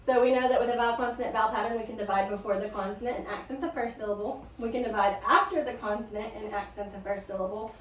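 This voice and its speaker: A woman's voice: mid-range voice, steady tone, racing, darkish tone, a little hiss or hum. A woman teacher leading a phonics lesson, patient and prompting her student. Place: classroom. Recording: echoey room, from a distance.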